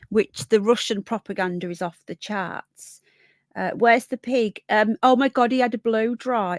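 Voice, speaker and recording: A woman's voice: fairly high pitch, no room sound, studio quality. A woman with a Birmingham accent tinged with Yorkshire, rambling through a casual livestream chat and greeting viewers by name. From Birmingham, England. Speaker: livestream host. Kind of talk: casual live chat, reading comments.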